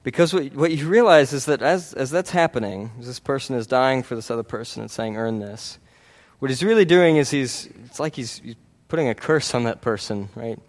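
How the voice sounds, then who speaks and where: A man's voice: medium pitch, fairly quick, hardly any pauses. A man preaching a sermon in an earnest, conversational way, often checking in with the congregation. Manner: earnest, conversational, frequent "right?" tags and restarts.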